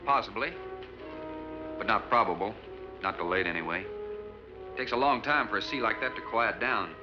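An actor playing a practical sea captain in a 1950s film, calm and matter-of-fact. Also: male voice, on the low side, moderate pace, natural voice. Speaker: ship captain. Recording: muffled old film soundtrack with music.

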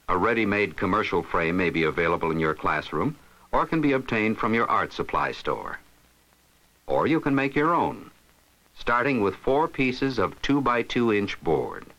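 A man giving scripted narration for an instructional film, explaining steps in a steady, instructive way. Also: on the low side, poor audio.

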